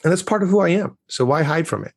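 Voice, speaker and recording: A man's voice: fairly high pitch, lively intonation, fast talker, vocal fry. A man from the United States, a communication coach, giving confident, emphatic advice as a guest on a podcast interview.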